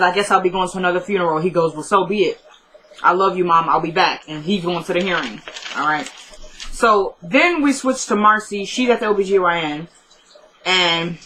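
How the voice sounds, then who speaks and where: A woman's voice: on the low side, bright, forceful tone, poor audio. A woman casually recapping a TV episode, retelling each scene as quoted back-and-forth dialogue with loose fillers. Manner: loose, filler-heavy storytelling. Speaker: show recapper.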